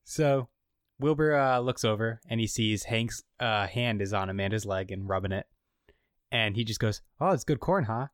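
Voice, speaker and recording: A man co-hosting a casual podcast, recapping a show and acting out the characters' lines in an animated way. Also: lowish voice, moderate pace, clean tone, no echo, clean studio sound. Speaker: podcast co-host recapping an episode. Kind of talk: casual chat.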